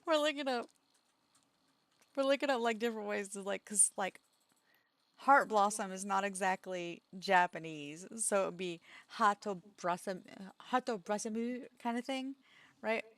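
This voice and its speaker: A woman's voice: mid-range voice, moderate pace, a bit bright, no room sound. A woman co-hosting a game stream from home, telling a rambling story in casual chat and breaking into giggles. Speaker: streamer co-host.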